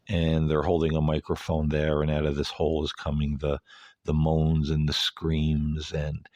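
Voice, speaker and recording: Very deep-voiced, slow-talking man. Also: darkish tone, no room sound. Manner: rambling, hesitant, earnest. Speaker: host. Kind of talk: solo commentary monologue.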